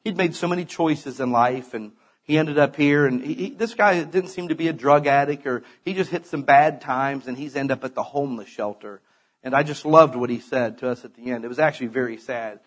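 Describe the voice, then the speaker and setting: A man's voice: mid-range voice, a little fast. A middle-aged man preaching a sermon in a conversational way, with sudden emphatic bursts.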